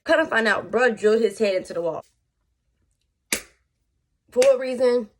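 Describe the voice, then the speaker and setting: A young woman telling a storytime on her vlog in casual slang, animated and chatty with her viewers. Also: fairly high pitch, moderate pace. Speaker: vlogger.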